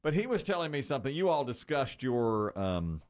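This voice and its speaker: A man's voice: medium pitch, sing-song, normal speed. A middle-aged man hosting a morning radio show, telling a story casually and swinging his voice for the people he quotes.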